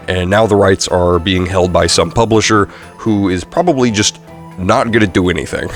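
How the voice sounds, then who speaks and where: A young man casually reviewing a video game, rambling with lots of fillers and self-corrections. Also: low voice. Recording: faint music underneath. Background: faint background music.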